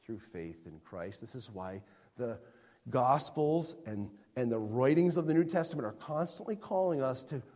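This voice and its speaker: A man preaching a sermon, swinging between loud proclamation and quiet, hushed emphasis. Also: medium pitch, lively intonation, moderate pace, in a large hall.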